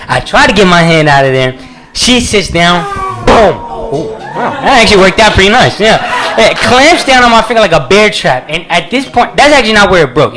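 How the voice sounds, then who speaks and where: A man with a fairly high voice tells a comic story from a small cafe stage. He talks loosely and chattily into a handheld mic, chuckling as he goes. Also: fairly bright tone. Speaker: comedian. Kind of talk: live stand-up storytelling.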